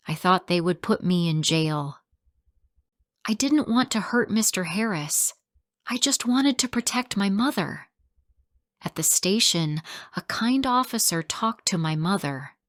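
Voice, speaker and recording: A woman tells a first-person story for English learners, in a low voice and at a very slow, careful pace. Her sentences are short and clearly spoken. The recording is dry and close, with no room sound. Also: dry recording.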